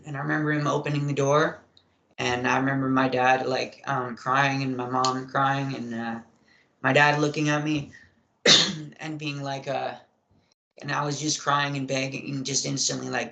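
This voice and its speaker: A young man, a podcast guest, telling a personal story in a rambling way, with many fillers and frequent throat clearing. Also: mid-range voice, level tone, moderate pace, sharp tone. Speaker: interview guest. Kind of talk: casual storytelling in an interview. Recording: echoey room.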